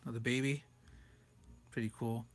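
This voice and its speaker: A man's voice: medium pitch, little pitch movement, normal speed, husky. A man reviewing a comic book page by page in a loose, rambling way, chuckling often as he talks. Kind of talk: casual comic commentary.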